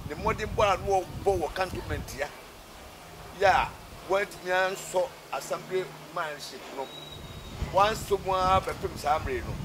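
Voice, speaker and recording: A man's voice: on the high side, background noise. A man with a Ghanaian accent giving an earnest, emphatic speech praising a candidate at a campaign gathering. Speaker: party supporter praising a candidate.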